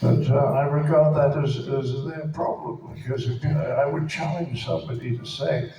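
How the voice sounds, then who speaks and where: A man's voice: mid-range voice, steady tone, moderate pace, hardly any pauses, dark tone, distant mic, a little hiss or hum. A man answering audience questions at a convention, with dry, profane comic wit. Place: large convention hall. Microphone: PA system heard through a phone from the crowd. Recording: echoey hall, phone filmed from the audience.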